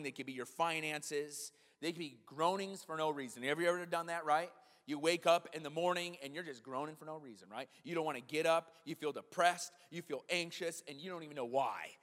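A man's voice: a little high, fairly bright tone. Man preaching in a reverberant hall. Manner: conversational preaching, frequent "right?" tag questions. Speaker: pastor. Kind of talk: sermon.

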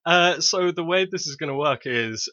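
A man with a very bright, forceful voice hosts a casual podcast and explains things with eager enthusiasm. The sound is dry and a little dull. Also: a little high, lively intonation, moderate pace, no echo. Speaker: podcast host.

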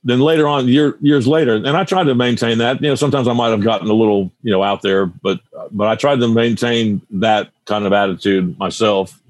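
A man's voice: fairly low pitch, brisk, no echo. A man in his sixties, a guitar teacher and radio broadcaster, telling stories in a casual interview, rambling and often restarting his sentences.

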